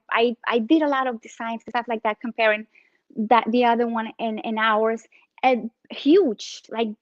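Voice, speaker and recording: A woman in her thirties with a Spanish accent, an entrepreneur guest telling her story with animated energy in a casual interview. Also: fairly high pitch, no echo, highs cut off. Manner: animated, acts out phone calls in her story.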